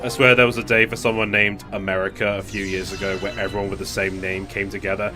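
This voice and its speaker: A man's voice: lowish voice, little pitch movement, fast talker, over music. A young man chatting casually on a game stream, rambling with lots of fillers. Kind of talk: casual chat while gaming.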